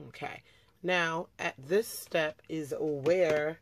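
A woman's voice: sits low, slow pace, slight background noise. A young woman chatting casually through a makeup tutorial, talking as she works and often correcting herself. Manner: chatty, talks while working, frequent self-corrections. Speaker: beauty vlogger.

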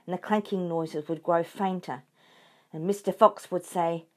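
A woman reading a children's book aloud in a clear, expressive way. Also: fairly low pitch, moderate pace. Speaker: storyteller for children.

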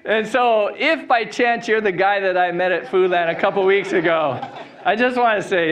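A pastor with a fairly high, light voice delivers an Easter sermon from a church stage. His talk is friendly and upbeat, and he laughs easily through a personal anecdote. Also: moderate pace, fairly bright tone. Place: church stage before a live congregation.

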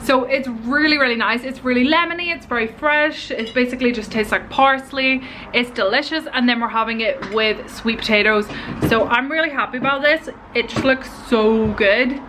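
A woman's voice: on the high side, moderate pace. Giggly young woman vlogging. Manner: rambling, giggly, lots of "like". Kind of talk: chatty life-update vlog. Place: home kitchen, indoors. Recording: noisy home camera recording.

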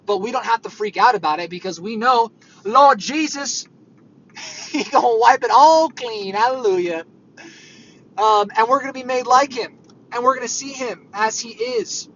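A man's voice: high-pitched, a bit bright, slight background noise. A man giving an earnest, conversational sermon that rambles with fillers, on dull lo-fi audio. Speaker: preacher. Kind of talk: informal sermon.

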